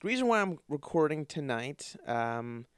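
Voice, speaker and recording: In a clean, dry studio recording, a man with a fairly high, sing-song voice speaks at normal speed. Hosting his podcast, he rambles through funny stories full of swearing, performing the dialogue in character for a casual comedic monologue.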